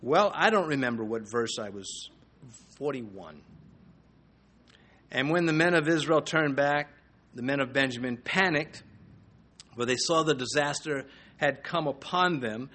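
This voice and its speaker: A man's voice: medium pitch, lively intonation, a little slow, pauses often, bright, forceful tone. A middle-aged man teaching through a Bible passage verse by verse, reading scripture aloud and commenting in a conversational way with fillers and small chuckles.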